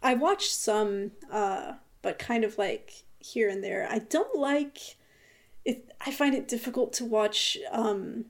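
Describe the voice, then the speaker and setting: A woman with a fairly high voice co-hosts a casual gaming podcast. She talks in a chatty, hesitant way, full of fillers and restarts. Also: slow pace. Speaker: podcast co-host. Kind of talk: casual chat.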